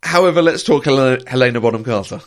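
A man in a relaxed film-discussion podcast, musing over a movie at a mid-range pitch. He talks thoughtfully, stumbling and restarting, and chuckles along the way. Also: fast, a little hiss or hum. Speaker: podcast co-host.

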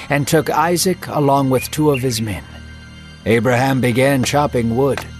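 A man narrating a dramatic Bible story in a measured, emotive way. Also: mid-range voice.

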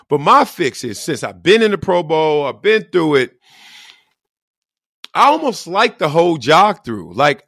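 A middle-aged male host in casual sports commentary, slangy and loose, his pitch swinging up and down a lot as he acts out other people's lines. The sound is dry and close, with almost no room. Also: no echo. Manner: animated, slangy, acts out quotes in voices.

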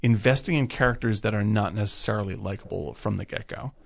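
Gravelly man rambling about films. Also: lowish voice, quick pace. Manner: rambling, filler-heavy, animated when retelling scenes. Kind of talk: casual film discussion.

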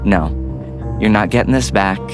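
A woman's voice: extremely low pitch, normal speed, over music. A man voicing a stern older woman working as an airport security guard, curt and condescending. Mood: scolding.

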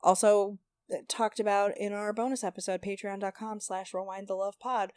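A woman's voice: medium pitch, level tone, normal speed, a little mellow, smooth, no echo. A young woman co-hosting a podcast, recapping episodes in casual, profane chat with sarcastic asides. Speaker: podcast co-host recapping a reality show.

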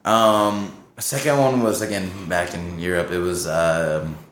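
A man's voice: deep voice, fairly even intonation, a little slow, a bit bright, roomy sound, slight background noise. A man in a band, telling a rambling tour story in casual chat, swearing a lot and acting out what people said. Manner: rambling storyteller, heavy swearing, acts out quotes.

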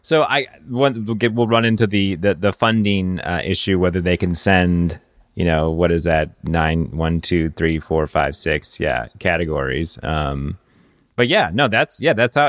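A man co-hosting a casual podcast chat, rambling in quick bursts and often trailing off mid-thought. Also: deep voice, expressive, fairly bright tone, dry recording, studio quality. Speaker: podcast co-host.

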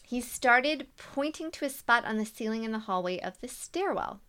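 Woman cohosting a podcast, bright voice, reads stories out and cracks jokes. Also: on the high side, expressive, normal speed, smooth. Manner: reads listener stories aloud, laughs often, jokey asides. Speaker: podcast co-host. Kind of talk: casual podcast chat.

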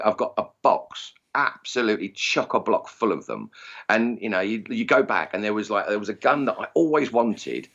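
A man's voice: lowish voice, fairly bright tone, muffled recording. A man in casual podcast chat, telling anecdotes in a chatty way and slipping into voices when he tells stories. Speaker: guest, airgun competition organiser.

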